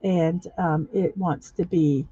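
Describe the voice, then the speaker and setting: Woman, stream host, casual build-along talk, halting with fillers, slow, dull lo-fi audio. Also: lowish voice, fairly even intonation, dark tone, slightly rough. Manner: halting, with many fillers and self-corrections, talking through each step. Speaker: livestream host building a block set. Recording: dull lo-fi recording.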